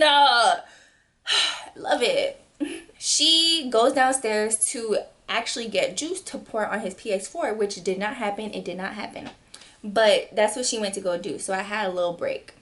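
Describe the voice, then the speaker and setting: A woman in her twenties telling a storytime vlog, animated and acting out quotes with sudden jumps in pitch. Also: unhurried. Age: 20s. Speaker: vlogger. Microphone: camera mic.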